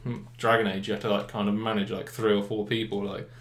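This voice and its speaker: A man's voice: fairly low pitch, level tone, quick pace, fairly bright tone. Rambling young man, echoey room. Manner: rambling, filler-heavy, enthusiastic. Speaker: gaming podcast co-host. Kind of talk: casual chat.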